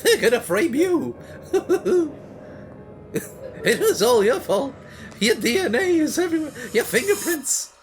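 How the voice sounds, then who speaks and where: A man's voice: very high voice, sing-song, takes it slowly, long pauses, pitched above the performer's own voice, exaggerated voice. A man voicing a taunting male killer clown in a giggly, sing-song way.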